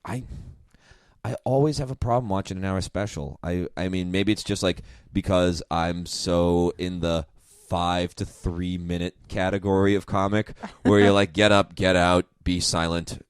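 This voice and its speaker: A man's voice: low voice, steady tone, moderate pace, a little mellow, smooth, dry recording, clean studio sound. A man hosting a casual chat, rambling and self-mocking as he talks. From New York. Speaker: podcast host.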